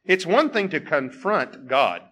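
A male preacher delivers a sermon in a fairly high, very animated voice. He presses his points with rhetorical questions. He rises to loud exclamations, then drops to a hush. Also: unhurried, slightly rough. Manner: emphatic, swings from loud exclamations to hushed tones.

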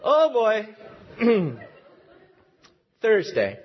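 A man's voice: sits high, very animated, a little slow, slightly rough, dull audio, some chatter behind. A man preaching a sermon as pastor, leading a prayer and telling stories in an earnest, lightly humorous way.

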